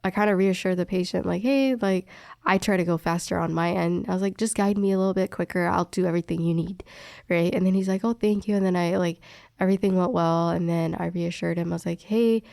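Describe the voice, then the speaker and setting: A young woman chats casually, recounting a work story in a slightly low voice. She acts out each quoted exchange, with plenty of fillers along the way. The recording is close and dry, with no room echo. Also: fast, vocal fry. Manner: animated, acts out quoted dialogue, many fillers. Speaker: respiratory therapist telling a story.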